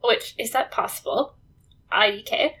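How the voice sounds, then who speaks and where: Laughing woman with a higher voice. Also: unhurried, slightly rough. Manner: relaxed storytelling with frequent laughs. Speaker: podcast co-host. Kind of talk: casual chat recapping a TV drama.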